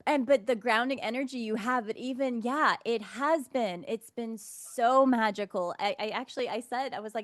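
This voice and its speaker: A woman's voice: fairly high pitch, moderate pace, few pauses. Bubbly woman interview host. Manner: bubbly, enthusiastic, affirming. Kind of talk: casual interview chat.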